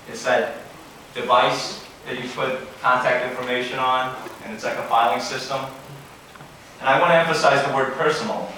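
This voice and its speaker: A man in his forties, medium-pitched, gives a formal keynote at a banquet, earnest and advising, with asides and self-corrections. The large hall is very echoey and the mic distant, with faint room ambience and a noisy background.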